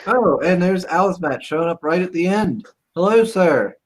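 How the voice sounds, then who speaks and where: A man's voice: high-pitched, lively intonation, normal speed, rough recording. A man hosting a casual livestream, chatting in a laid-back way and thanking viewers. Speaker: stream host.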